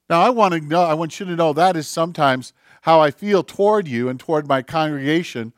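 A male pastor delivering a sermon with fervent conviction, his voice sitting a touch higher than most men's. He swings between pressed, emphatic phrases and hushed, almost whispered lines. The sound is close and dry, with no room around it. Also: lively intonation, a little fast, hardly any pauses, no echo. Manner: impassioned, swings from loud emphasis to near-whispers.

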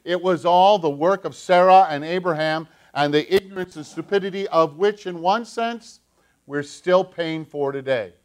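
A male pastor preaching a sermon, animated, acting out the voices he quotes. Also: a little high, moderate pace.

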